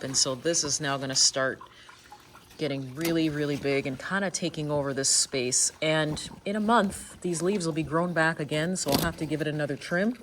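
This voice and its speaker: A woman's voice: low-pitched, slight background noise. A woman talking casually while she works in a greenhouse, explaining each step of her gardening in a friendly, chatty way. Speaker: gardening vlogger. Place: inside a greenhouse.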